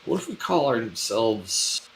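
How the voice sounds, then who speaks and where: A man in casual in-character role-play as a crew leader, musing out loud and swearing freely. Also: medium pitch, very animated, takes it slowly, vocal fry, slight background noise, low-quality recording.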